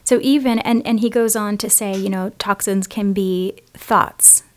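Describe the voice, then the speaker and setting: In a relaxed conversation, this woman co-hosting a podcast comes across as chatty and enthusiastic, quick to laugh. She speaks unhurriedly in a medium, slightly mellow voice with fairly even intonation.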